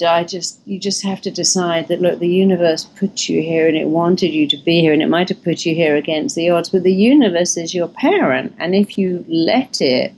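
A woman with a somewhat low voice talks emphatically and with animation in a relaxed interview. As a hypnotherapist and trainer of therapists, she tells stories and acts out what other people said. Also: slight background noise, rough recording. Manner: emphatic, animated storytelling with acted quotes. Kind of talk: casual interview talk.

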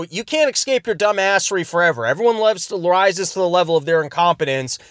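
Male podcast host with a high voice, ranting sarcastically in a dry, close recording. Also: a bit bright, no echo. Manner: rambling, sarcastic, self-interrupting. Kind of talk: casual comedic commentary. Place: in his car.

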